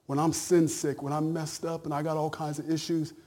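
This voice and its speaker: Husky preacher man building to shouts. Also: on the high side, little pitch movement, brisk. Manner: conversational preaching that builds to loud shouted peaks. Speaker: pastor. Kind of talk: sermon.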